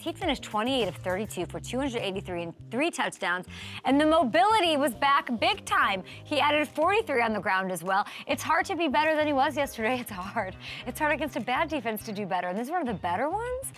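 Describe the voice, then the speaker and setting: A woman hosting a sports talk show, animated and joking, riffing fast on the weekend's games. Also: on the high side, soft background music. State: out of breath. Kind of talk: energetic sports talk monologue.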